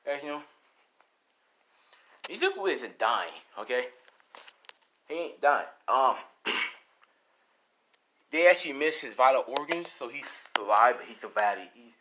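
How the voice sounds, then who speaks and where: A man improvising a fan-fiction action story, animated and profane, full of sound effects. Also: medium pitch, measured pace, long pauses, slight background noise.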